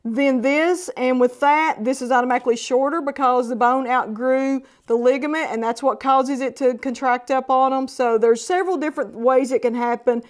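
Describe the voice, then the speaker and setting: A woman caring for rescued horses, calmly explaining a foal's treatment in a plain, practical way. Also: sits high, moderate pace, few pauses. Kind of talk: explaining horse care on camera.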